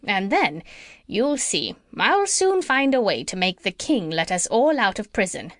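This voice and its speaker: A woman's voice: mid-range voice, sing-song, unhurried, no echo, clean studio sound. A woman voicing a clever, self-assured female parrot in a storybook reading. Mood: confident. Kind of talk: storybook narration.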